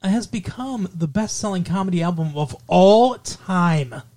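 A man's voice: high-pitched, animated, unhurried, dark tone. Rambling sardonic male co-host. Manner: rambling, frequent fillers and restarts, sardonic. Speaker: podcast co-host. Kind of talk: casual news chat.

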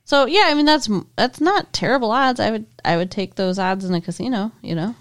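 A woman's voice: a little high, a little fast, dry recording, clean studio sound. A woman co-hosting a podcast, chatting frankly and casually about a TV episode, laughing often. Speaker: podcast co-host. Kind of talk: casual chat recapping a TV episode.

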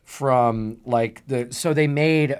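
Excitable man telling stories. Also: medium pitch, slow pace, smooth. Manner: excitable storyteller, swears freely. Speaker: podcast co-host. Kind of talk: casual comedy chat.

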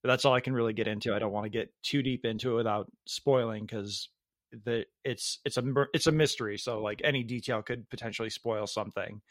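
A man's voice: mid-range voice, steady tone, brisk, a bit bright, no room sound. Eager man on a dry mic. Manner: enthusiastic, hesitant restarts. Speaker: podcast co-host. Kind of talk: casual chat.

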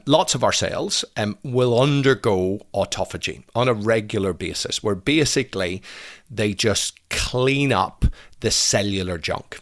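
Low-voiced man explaining with restarts. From Britain. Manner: animated explainer, frequent "right?" tags and stammered restarts. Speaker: fasting and fat loss expert guest. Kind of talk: casual podcast interview.

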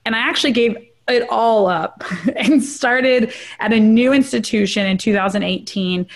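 A middle-aged trauma researcher, her voice a bit high, shares her personal story candidly as an interview guest. She frequently checks in with a quick "right?"

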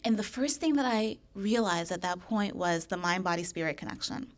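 A woman talking in a casual podcast conversation, candid and expressive, swearing freely and acting out her old thoughts. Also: mid-range voice, a little fast. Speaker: podcast guest.

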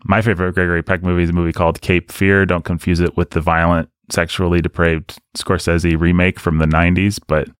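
A man with a very low voice talks casually about movies, offering firm opinions and drifting into tangents. The sound is dry, with no room echo. It comes across as relaxed podcast conversation. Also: brisk, hardly any pauses, smooth. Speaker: podcast co-host. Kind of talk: casual film discussion.

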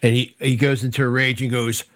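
A man playing a tabletop game, excitable and swearing freely as he describes his moves. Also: medium pitch, a little fast. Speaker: player. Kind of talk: tabletop game play, casual chat.

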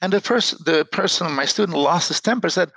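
Earnest rabbi guy, bright forceful voice, dry close sound, keeps restarting sentences. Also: sits high, a little fast, gravelly, no echo, rough recording. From United States. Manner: earnest, repeats words when starting sentences. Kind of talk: panel discussion.

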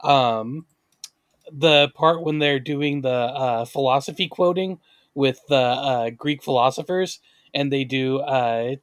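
A man co-hosting a casual podcast who talks in a wry way, chuckling and making quick remarks. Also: mid-range voice, no echo. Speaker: podcast co-host.

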